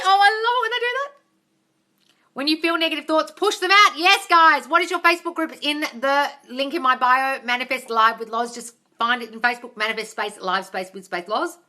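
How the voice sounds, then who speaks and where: A woman's voice: high-pitched, sharp tone. An Australian woman hosting a live Q&A, reading viewers' comments aloud, calling them darling and swearing casually. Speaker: manifestation coach host.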